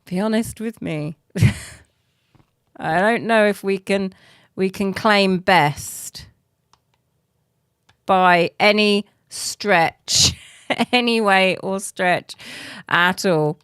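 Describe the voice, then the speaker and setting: A middle-aged British woman streaming a game, chatting casually and self-mockingly, laughing often and counting softly under her breath. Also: medium pitch, very slow, pauses often, clean tone, dry recording, studio quality. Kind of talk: casual live-stream chat while playing.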